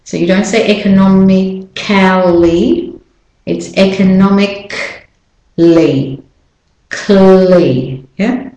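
Woman, English pronunciation teacher, slow and deliberate, lowish voice, roomy echo. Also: darkish tone. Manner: slow, carefully drawn-out model words; checks in with a rising "yeah?". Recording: echoey room.

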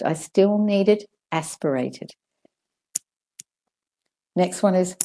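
A woman teaching English pronunciation, carefully modelling words and repeating them slowly. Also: on the low side, expressive, dark tone. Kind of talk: pronunciation lesson.

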